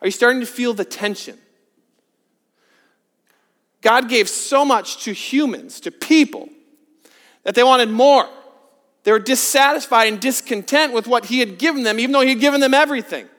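A man preaching a sermon, earnest, moving from hushed, drawn-out points to emphatic rhetorical questions. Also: very high voice. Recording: long reverb of a large hall.

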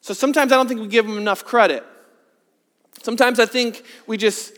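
Preacher, male, very high voice, earnest and building, long hall reverb. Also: brisk. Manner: earnest, builds from hushed to emphatic with rhetorical questions. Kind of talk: sermon.

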